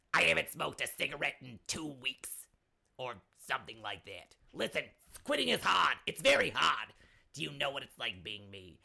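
In this comedy character monologue, a man plays a loud, brassy older mother who hosts her own advice segment, gossipy, indignant and forever saying "seriously." The exaggerated, medium-pitched voice is gravelly with a bright, cutting edge. She calls everyone "my dears," nags and dotes, and steers every question back to her own troubles.

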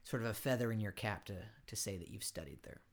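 A man's voice: fairly low pitch, fast. A man hosting a comedy podcast who interviews his guest in a playful, jokey, rambling way. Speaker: podcast host.

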